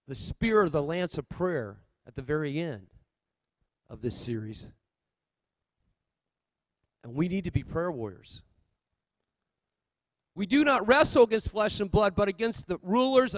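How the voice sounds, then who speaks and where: A male pastor delivering a sermon in a notably high voice. He swings between loud, urgent exhortation and low, quiet asides to the congregation. The sound is dry and close, with no room echo.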